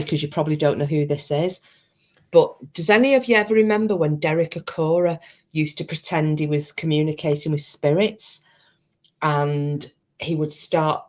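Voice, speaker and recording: A woman's voice: deep voice, a little mellow. A woman chatting casually and bluntly on a live stream, swearing freely as she talks to her viewers.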